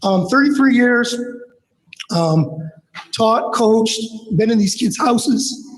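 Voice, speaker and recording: A man in his fifties, originally from Michigan, speaks from the heart at a school board meeting and keeps circling back on his thoughts. His voice is unusually high for a man. The room around him rings with echo. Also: darkish tone. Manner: emotional, rambling, heartfelt. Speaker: teacher and coach. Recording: echoey meeting hall.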